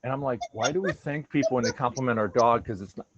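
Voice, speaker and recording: A man's voice: mid-range voice, quick pace, background noise. A man telling personal stories about his dogs in a casual, earnest chat, acting out their thoughts in quoted voices. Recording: dull lo-fi recording.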